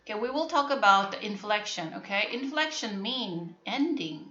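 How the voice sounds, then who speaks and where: A woman with a Korean accent, a native Korean speaker, teaching an English phonics lesson to a class, repeating words slowly and checking that students understand. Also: mid-range voice, expressive, sharp tone, a little hiss or hum. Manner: repetitive, drills words and asks if students understand. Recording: echoey classroom, dull lo-fi sound.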